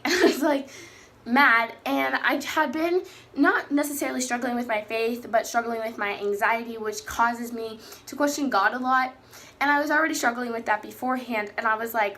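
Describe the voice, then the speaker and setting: A woman's voice: fairly high pitch, normal speed, pushed and bright. A teenage girl in casual personal talk about her faith, chatty and rambling, often correcting herself mid-sentence. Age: teens. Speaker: faith vlogger.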